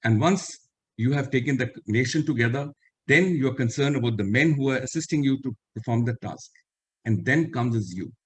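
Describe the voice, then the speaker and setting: Over a video call, a retired army officer with an Indian English accent, now older, tells earnest stories for a webinar, quoting people word for word and repeating key lines. His mid-range voice is expressive and slightly rough, at a moderate pace.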